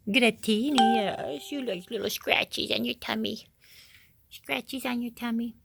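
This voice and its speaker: A woman's voice: a little high, measured pace, creaky, a bit bright, slightly rough. A woman filming her dogs at home on a handheld phone, cooing sing-song baby talk at them and scolding them playfully. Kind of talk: casual talk to pets while filming. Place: home, indoors. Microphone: handheld phone camera she is filming with.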